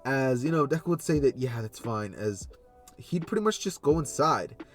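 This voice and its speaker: A man's voice: a little high, big pitch swings, moderate pace, faint music behind. A man casually narrating a fan story, rambling with many fillers and loose links.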